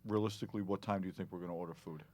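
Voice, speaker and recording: A man co-hosting a casual podcast, quick and practical with a wry edge. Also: low-pitched, fairly even intonation, darkish tone. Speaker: podcast co-host.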